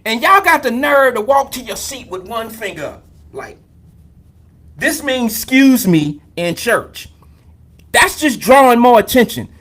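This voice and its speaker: Young male live-stream host, AAVE, high and very lively voice, profane, joking storyteller. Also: measured pace. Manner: loose, profane, joking storyteller who greets viewers by name. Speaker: host of a live call-in drive-time show. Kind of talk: casual live-stream monologue.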